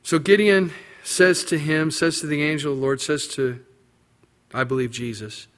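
A man delivering a sermon in a fairly high voice for a man. He moves between a quiet, low teaching tone and excited, pitched-up retellings of biblical characters. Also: normal speed. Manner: animated, acts out biblical quotes with rising pitch and emphasis. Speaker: pastor.

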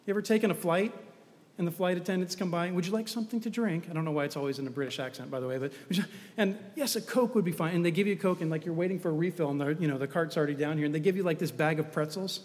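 A man's voice: on the high side, rapid-fire, a little mellow, big-room sound. A man preaching a sermon in a conversational, storytelling way with humorous asides.

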